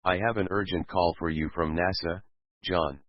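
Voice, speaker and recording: A stiff, insistent administrator barking orders over the radio, as a narrator puts him on. The voice sits very low, and the dull, lo-fi recording is dry with no room sound. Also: male voice, fairly even intonation, moderate pace, no room sound, lightly acted.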